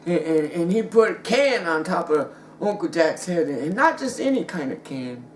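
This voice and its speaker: A man's voice: a little high, animated, moderate pace. A man telling a rambling comic story, stumbling over restarts and chuckling as he goes. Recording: roomy echo with faint ambient noise.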